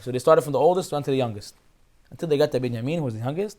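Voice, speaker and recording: A man teaching a Torah class as a rabbi, retelling a story in an animated way with many restarts. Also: medium pitch, rapid-fire.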